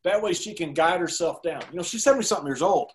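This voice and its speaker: A man with a somewhat high voice tells a story as a guest in a podcast interview. He gets animated and laughs as he goes, keeping up a lively storytelling flow. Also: quick pace.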